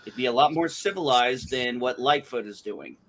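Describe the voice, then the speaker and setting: A man in a casual online panel chat, gruff and blunt, swearing freely. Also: medium pitch, moderate pace, a bit bright, rough recording.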